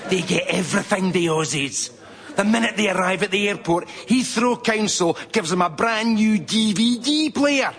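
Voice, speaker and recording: A man's voice: sits high, normal speed, fairly bright tone. A man doing a ranting pub bigot. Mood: conspiratorial rant. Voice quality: blustering, conspiratorial. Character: ranting bigoted British pub bloke, paranoid. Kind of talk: stand-up comedy character.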